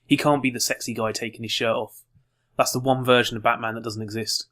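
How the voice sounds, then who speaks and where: Quick, sarcastic man. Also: mid-range voice, flat delivery, fairly bright tone. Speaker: podcast co-host. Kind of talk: casual review chat.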